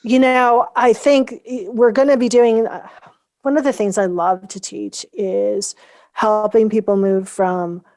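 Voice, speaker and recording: A woman guest in a casual interview, telling her story in an animated way and acting out the lines people said to her. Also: medium pitch, unhurried, no echo. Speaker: guest, founder of a coaching method.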